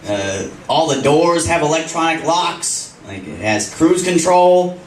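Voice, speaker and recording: A man's voice: fairly high pitch, lively intonation, unhurried, a little hiss or hum. A young man doing a stand-up set, crude and self-mocking, laughing through his punchlines. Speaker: stand-up comedian. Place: comedy club stage. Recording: roomy club, distant mic, audience laughing. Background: audience laughter.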